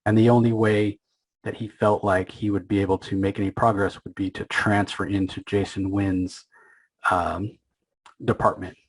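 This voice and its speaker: Man, podcast host, low voice, husky, casual comic recap, fillers and restarts. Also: level tone, poor audio. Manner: retells scenes with quick acted quotes, many fillers and restarts.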